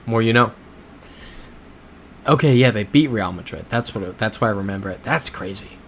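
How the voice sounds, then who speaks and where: A man hosting a casual livestream who reads viewer comments aloud and reacts to them in a laid-back way, with soft chuckles. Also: on the low side, moderate pace, a little hiss or hum. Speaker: livestream host. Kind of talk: casual livestream chat while playing a geography game.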